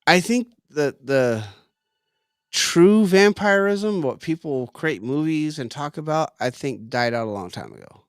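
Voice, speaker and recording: A man's voice: fairly high pitch, animated, unhurried, smooth, no room sound, studio quality. A middle-aged man co-hosting a casual chat over drinks, rambling and laughing easily. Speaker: podcast co-host.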